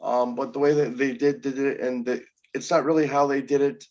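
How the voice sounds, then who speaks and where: A man's voice: medium pitch, little pitch movement, brisk, a little mellow, highs cut off. A man co-hosting a casual review chat, loose and joking, with many hesitations. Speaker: co-host.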